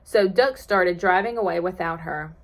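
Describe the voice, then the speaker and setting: A woman librarian reading a picture book aloud at storytime, expressive, with playful asides to the children listening. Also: lowish voice, normal speed.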